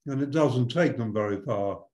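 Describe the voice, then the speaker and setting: An older man talks in a thoughtful, storytelling way, often restarting his sentences. His voice sits at an ordinary pitch for a man. The room around him is roomy and echoey. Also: normal speed, a little mellow. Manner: reflective, anecdotal, frequent restarts. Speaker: spiritual teacher guest. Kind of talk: conversational interview storytelling.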